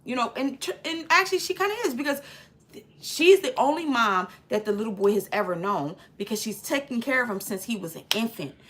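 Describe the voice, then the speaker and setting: Bright, chatty woman recapping a movie. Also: fairly high pitch, fairly quick. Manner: chatty, slangy retelling with frequent filler; lively storyteller acting out scenes. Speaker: movie reviewer.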